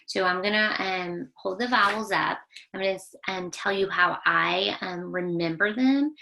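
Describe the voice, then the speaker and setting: A woman, a children's librarian, giving an online phonics lesson and drilling young kids in call-and-response, sounding out words and gently praising each try. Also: mid-range voice, moderate pace, creaky.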